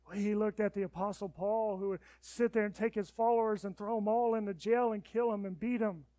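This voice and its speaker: Man, pastor, sermon, slightly high voice, loud urgent appeals, hushed pleading, dry close sound. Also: steady tone, fairly quick, no room sound. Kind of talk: sermon and closing prayer.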